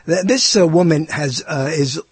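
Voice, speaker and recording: Older man, New York accent, radio host, rambling self-mocking monologue, husky voice, raised pitch. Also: moderate pace, no room sound. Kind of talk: casual monologue.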